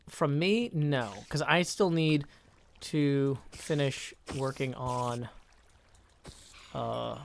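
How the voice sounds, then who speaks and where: A man's voice: medium pitch, a little hiss or hum. Man rambling through a live game stream. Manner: thinks aloud, self-interrupting, reads chat. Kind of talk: casual live-stream commentary while gaming.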